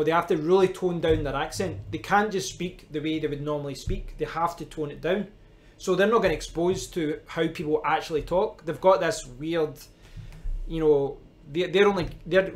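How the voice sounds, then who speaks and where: A man with a Scottish accent chatting casually on a live stream, rambling and answering viewers' comments as he goes. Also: fairly high pitch.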